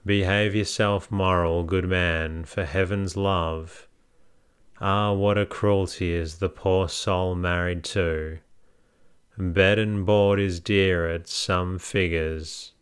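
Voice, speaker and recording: A man's voice: sits low, fairly even intonation, takes it slowly, clean tone. A man reading a novel aloud, voicing a buxom female stay-lace dealer who scolds in rustic speech. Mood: scolding.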